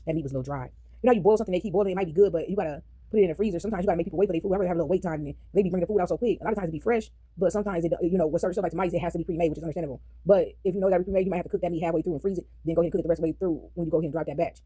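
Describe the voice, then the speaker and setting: Woman rambling to her followers while she eats, super quick talker, dry close phone sound. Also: lowish voice, mellow, breathy edge, no echo. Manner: chatty, addresses viewers as y'all, sings snippets. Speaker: vlogger. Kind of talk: casual chat while eating.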